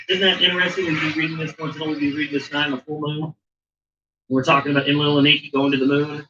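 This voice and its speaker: A man's voice: fairly high pitch, level tone, fast, pushed and bright. A man hosting a show, reading a book aloud and breaking off for casual, profane asides. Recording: muffled distant mic with faint hiss.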